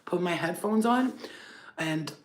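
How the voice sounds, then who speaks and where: A woman's voice: fairly low pitch, expressive, takes it slowly. A woman of Albanian background hosting a spiritual healing channel, talking to camera in a blunt, profane, rambling way with many fillers. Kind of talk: casual unscripted rant to camera.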